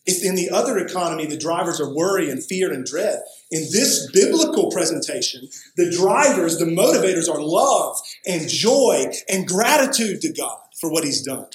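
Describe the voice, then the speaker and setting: A man preaches a sermon in a slightly high voice, pressing his points hard and tossing in "right?" to check on his listeners. The sound rings around a roomy church hall. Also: big pitch swings, normal speed, hardly any pauses. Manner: emphatic preaching with frequent "right?" asides. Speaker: pastor.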